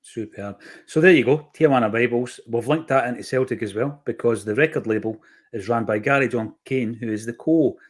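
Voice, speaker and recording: A man's voice: mid-range voice, fairly quick. A man hosting a podcast, chatty and enthusiastic as he links topics together. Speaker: podcast host. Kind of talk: casual podcast chat.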